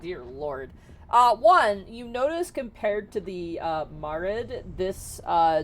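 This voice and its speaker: A woman narrating a tabletop game as game master in a casual way, with many fillers. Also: on the low side.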